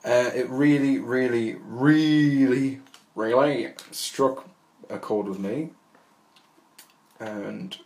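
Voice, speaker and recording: Solo podcast host, male, lowish voice, wry and rambling, self-mocking with lots of restarts. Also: low-quality recording. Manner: wry and jokey.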